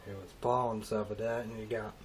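A man rambling through a halting, emotional monologue in a casual vlog, trailing off and restarting often. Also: on the low side, flat delivery, a little hiss or hum. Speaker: vlogger.

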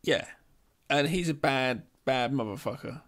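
A man's voice: mid-range voice, unhurried, a bit bright. A man co-hosting a podcast, chatting casually about films in a rambling, hesitant way with swearing. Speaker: podcast co-host.

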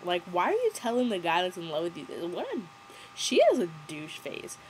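A young woman talks through a movie review in a loose, rambling way, sarcastic and quick to giggle. Her voice sits a little low for a woman. There is a faint noise underneath. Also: huge pitch swings, rough recording. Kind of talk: casual movie commentary.

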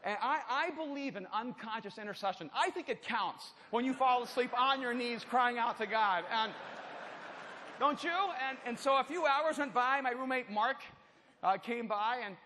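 A man preaching at a conference, telling a personal story with humor and swinging from loud bursts to hushed, intense passages. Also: very high voice, normal speed, noisy background. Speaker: conference speaker. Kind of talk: storytelling sermon. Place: church auditorium. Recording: large hall with long reverb, faint ambience.

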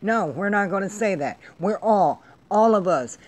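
On her vlog, a middle-aged woman delivers a casual rant that's blunt, emphatic, and full of profanity. She speaks at medium pitch, expressively, a little slowly, with a somewhat mellow quality.

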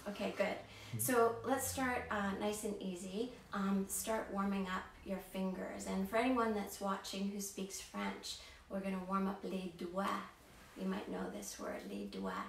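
A woman's voice: mid-range voice, creaky, distant mic. A woman storyteller who leads a playful, interactive show for children, talking straight to young viewers at home. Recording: echoey room, voice heard from off-mic, faint background hiss.

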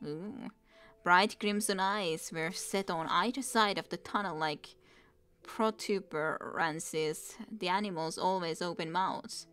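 A woman's voice: on the low side, takes it slowly, a bit bright, clean tone, soft background music. A woman streamer reading a book aloud, with wry, chatty asides.

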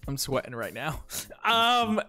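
A man's voice: on the high side, very animated, slow, bright, forceful tone, soft background music. A man chatting playfully with his livestream chat, joking at his own expense while he plays. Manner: playful, self-mocking, talks to chat. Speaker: streamer.

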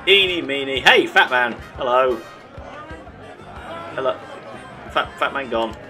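A man's voice: mid-range voice, expressive, unhurried, music in the background, crowd noise. A man giving casual, sarcastic commentary while he plays a game. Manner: chatty, sarcastic, laughs at his own mishaps. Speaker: let's play host.

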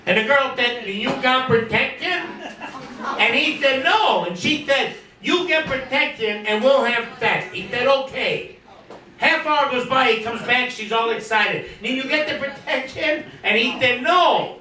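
A man's voice: extremely high pitch, animated, unhurried, pushed and bright, roomy sound, distant mic, low-quality recording. A man telling a long joke, acting out a couple's dialogue.

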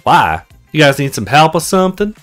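A man's voice: a little high, sing-song, normal speed, a bit bright, soft background music. A man putting on a folksy drawling stranger. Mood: eager. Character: cheery drawling young man, laid-back stranger.

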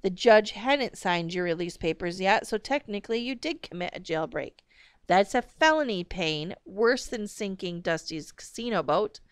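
A stern, exasperated mother, curt and controlled, as a woman reads her. The voice is smooth and resonant, close and dry. She talks tersely, with cross edges. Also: medium pitch, animated, moderate pace, dry recording, lightly acted.

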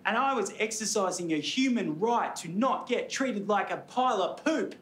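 A man's voice: sits high, lively intonation, normal speed, a bit bright, slight background noise. An indignant young Australian shop worker who has had enough. He argues back with sarcasm, his voice ringing in an echoey room. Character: fed-up young male retail worker.

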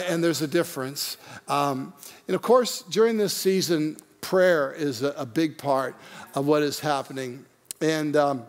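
A male pastor opening a sermon in a casual, chatty way, joking and using many fillers and restarts. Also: a little high. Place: church online service.

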